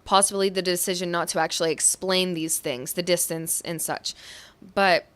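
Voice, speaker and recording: A young woman talks through a pick-a-card tarot reading in a gentle, reassuring way. She sounds affectionate and shares what she senses as she goes. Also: lowish voice, fairly even intonation, normal speed, smooth. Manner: intuitive, says what she hears or feels. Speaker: tarot reader.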